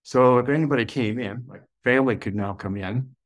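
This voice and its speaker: A man who is a podcast guest tells a personal story. His delivery is slow and full of wonder, with sudden excited rises. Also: medium pitch.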